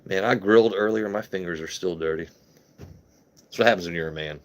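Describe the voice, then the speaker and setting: A man's voice: low voice, a little fast, very noisy. A young man hosting a casual whiskey livestream, joking crudely and answering his chat as he pours.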